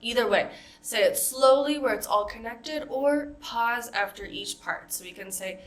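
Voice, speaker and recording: A woman with an American accent teaching a pronunciation lesson, modeling example words slowly and carefully. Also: fairly high pitch. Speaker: accent coach.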